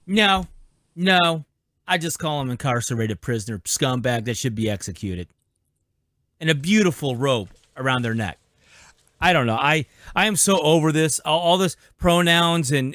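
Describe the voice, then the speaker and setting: Older man ranting, high and angry. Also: expressive, moderate pace, fairly bright tone, no room sound. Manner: ranting, profane, exasperated. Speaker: co-host. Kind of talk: political commentary show.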